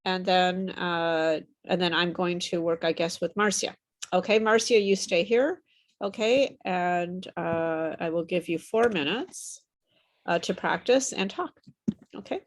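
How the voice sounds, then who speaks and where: Patient woman teaching pronunciation online. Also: lowish voice. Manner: patient, repeats and models words slowly. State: losing her voice.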